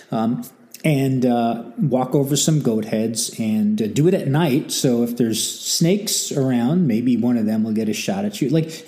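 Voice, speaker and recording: A man hosting a history talk, telling the story casually with wry asides and acted-out quotes. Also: medium pitch. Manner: animated and wry, acting out quotes, many asides. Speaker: history channel host.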